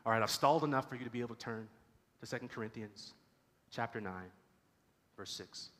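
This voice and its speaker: A man's voice: mid-range voice, a little fast, pushed and bright, in a large hall. A man preaching a sermon as pastor, telling a story and doing voices for its characters. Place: church sanctuary.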